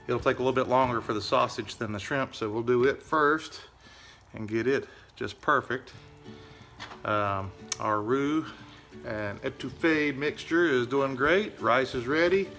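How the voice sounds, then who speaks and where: A man narrating his home cooking in a relaxed, chatty way, with many fillers. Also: mid-range voice. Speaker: home cook.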